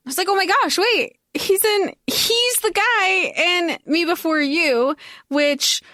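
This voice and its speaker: A woman co-hosting a podcast in casual chat, bubbly and excitable, laughing often. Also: fairly high pitch, no echo, clean studio sound. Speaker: podcast co-host.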